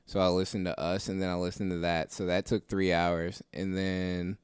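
A man's voice: sits low, little pitch movement, normal speed, clean tone, dry recording, studio quality. A man co-hosting a podcast, telling stories in casual chat, laughing often and swearing casually. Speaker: podcast co-host.

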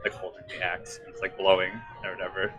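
A man's voice: low voice, completely flat delivery, quick pace, a bit bright, faint music behind. A man playing a tabletop game, talking casually in loose, trailing phrases. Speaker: player. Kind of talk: casual chat at a gaming table.

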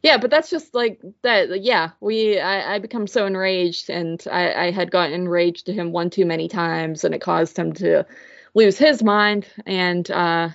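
A woman's voice: fairly low pitch, unhurried, creaky, muffled recording. A woman co-hosting a podcast, telling a long story in casual chat and filling it with "like". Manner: rambling storyteller, heavy filler "like", mimics voices. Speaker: podcast co-host.

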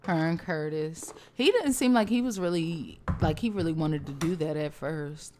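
Young woman, casual recap chat, swears a lot, laughs often, fairly low voice. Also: lively intonation, moderate pace, darkish tone, a little hiss or hum. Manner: profane, laughing, storytelling. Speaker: podcast co-host recapping a reality show.

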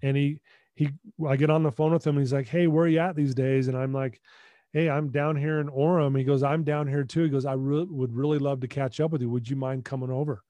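A man's voice: medium pitch, a little fast, no echo. A middle-aged man telling a personal story as a podcast guest, acting out dialogue and often restarting and repeating words. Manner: animated retelling with acted-out dialogue.

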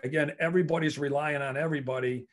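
Earnest college coach talking shop. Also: male voice, on the high side, fairly even intonation, quick pace. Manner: earnest, often repeats words as he thinks. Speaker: head lacrosse coach, podcast guest. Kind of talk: casual interview talk.

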